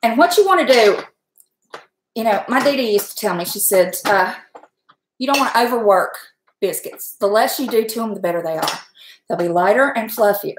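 A middle-aged woman, hosting a casual cooking stream from her home kitchen, folksy and chatty, laughing often and talking fast from nerves. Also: medium pitch, lively intonation, background noise. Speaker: home cook and channel host. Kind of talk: casual cooking livestream chat. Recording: echoey kitchen room.

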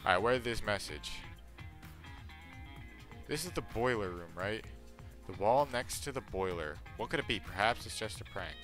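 A man commentating on a video game playthrough in a playful, jokey way with bursts of loud excitement. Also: on the low side, normal speed, over music. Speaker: gaming streamer. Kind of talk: let's play commentary.

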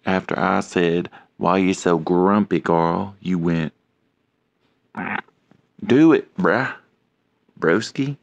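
A man's voice: deep voice, slow, creaky, pauses often, dry recording. A man filming a casual vlog, teasing and nagging his cat over and over to make it do something. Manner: teasing, nagging, repeats himself.

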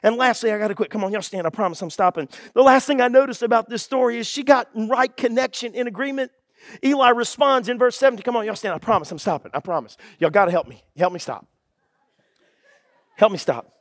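A man's voice: extremely high pitch, fast, no room sound. A man preaching a sermon as pastor, fervent and acting out quotes.

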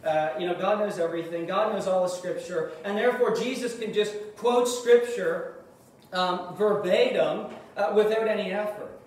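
A man with a fairly high voice preaches in earnest, pushing hard on key words and then dropping almost to a murmur. He is picked up from some distance in a very echoey room. A faint hiss sits under the sound. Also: normal speed. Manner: earnest preaching, swings between loud emphasis and hushed asides. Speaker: pastor. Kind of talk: sermon.

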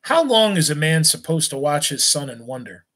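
A stern farmer father who lectures his grown son at the supper table, slow and deliberate, read aloud by a man in a slightly high voice. He reasons rather than shouts, every point laid out with care. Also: big pitch swings.

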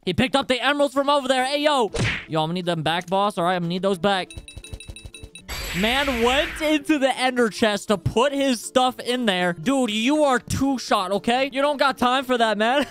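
A young man giving energetic, slangy gameplay commentary, trash-talking opponents and calling everyone bro and dude. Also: very high-pitched, normal speed, over music. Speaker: gaming YouTuber.

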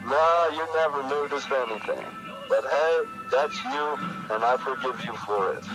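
A man co-hosts a podcast over the phone in loose, joking banter, swearing freely. His voice sits at an everyday pitch, with clear music audible behind him. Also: a little slow, rough recording. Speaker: podcast co-host. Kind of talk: casual chat over a phone call.

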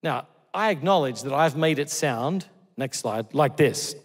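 A middle-aged man from Australia, preaching a sermon. He tells stories earnestly, moving between loud exclamations and hushed, tender lines. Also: medium pitch, a little fast. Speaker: pastor. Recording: long hall reverb.

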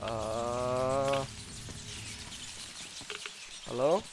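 A man's voice: mid-range voice, fairly even intonation, drawn-out words, noisy background. A man with Russian as his first language giving live commentary while playing a game, talking to himself, exclaiming and chuckling often. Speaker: let's play gamer.

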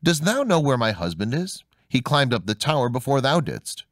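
A man's voice: medium pitch, very animated, moderate pace, dry recording, studio quality, close to an everyday voice. A man voicing a distraught middle-aged woman, agitated and accusing, in a storybook reading. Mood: anxious.

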